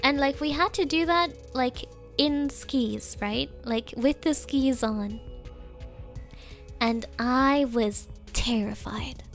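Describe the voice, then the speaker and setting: A woman's voice: high voice, takes it slowly, faint music behind. A woman streamer from Germany chatting casually, rambling with lots of "like" and frequent giggles. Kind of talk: casual chat.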